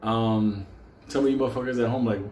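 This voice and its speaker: A man's voice: medium pitch, fairly even intonation, fairly quick, a little mellow. A man telling a profane, comedic story in a crude, rambling way, jumping into voices for the people in it. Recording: roomy sound with faint ambient noise.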